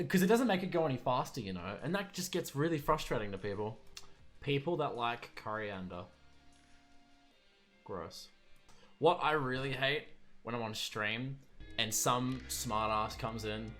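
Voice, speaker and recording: A man's voice: medium pitch, animated, normal speed, faint music behind. A young man around twenty, a streamer, ranting casually about pet peeves with sarcastic, exasperated asides. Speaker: streamer and video maker.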